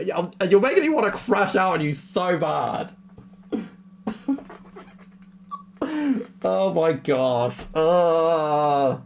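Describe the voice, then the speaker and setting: Slow and expressive, with a slightly high, gravelly voice and long pauses, a young man addresses his livestream chat casually. What starts as a somber farewell gives way to exasperated bursts of heavy swearing.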